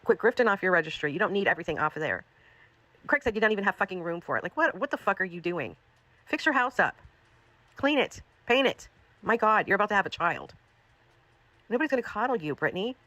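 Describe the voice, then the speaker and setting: A woman's voice: medium pitch, lively intonation, fast talker, bright, forceful tone. A woman hosting a commentary livestream, ranting in an exasperated, profane way, repeating herself.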